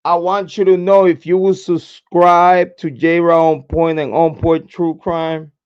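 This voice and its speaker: A hoarse man hosting a true crime livestream, cursing freely and hyping his chat with repeated chants, speaking into a desk mic. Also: on the high side, little pitch movement, a little slow, muffled recording. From Puerto Rico. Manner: profane, repetitive hype chants. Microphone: desk microphone, camera off.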